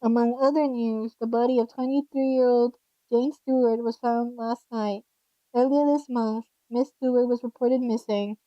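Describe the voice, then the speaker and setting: A woman voicing a calm female radio news anchor in a slow, measured announcer delivery. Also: on the high side, no room sound, lo-fi sound, close to an everyday voice. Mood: formal. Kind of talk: mock radio news read.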